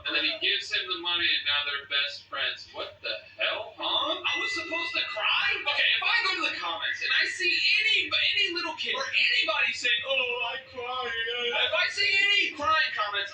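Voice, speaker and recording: A man doing comedic reaction commentary on gaming videos, incredulous and exaggerated, bursting into shouted reactions. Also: very high-pitched, distant mic. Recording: echoey room, away from the mic.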